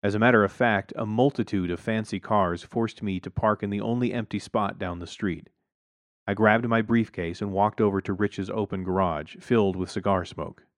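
A man's voice: lowish voice, steady tone, moderate pace, dry recording. A man narrating a first-person story with wry, dry humor.

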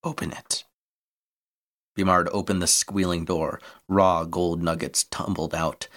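Deep-voiced guy reading an adventure story, steady pace. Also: unhurried. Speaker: narrator. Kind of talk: scripted narration.

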